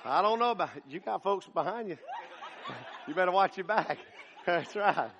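A man's voice: sits high, expressive, normal speed, a bit bright, dull audio, some chatter behind, a little hiss or hum. A man preaching a sermon as pastor, folksy and joking with his congregation.

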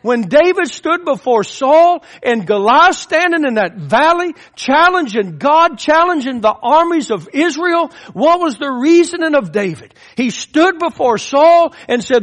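A man's voice: very high-pitched, big pitch swings, a little slow, fairly bright tone. A man preaching a sermon with impassioned, rising and falling emphasis.

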